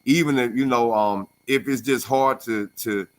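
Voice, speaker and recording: A man co-hosting a radio talk show, telling stories in a casual, animated way. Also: mid-range voice, moderate pace. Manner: animated storyteller, acts out voices. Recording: call-in radio show studio.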